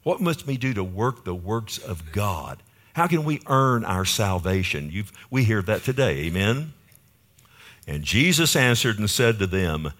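A man's voice: lowish voice, sing-song, unhurried, a bit bright. A man pastor preaching a verse-by-verse sermon, emphatic and often asking the congregation questions.

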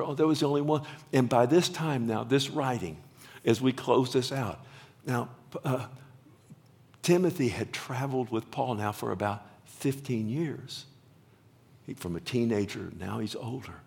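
Male pastor, gravelly voice, fervent sermon delivery, drops to whispers then swells loud. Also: medium pitch. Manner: passionate, swings from loud exclamations to hushed whispers.

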